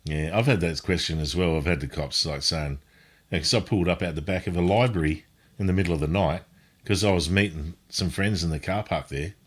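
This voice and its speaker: Deep-voiced man telling a laid-back story. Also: fairly quick, slightly rough. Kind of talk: casual chat.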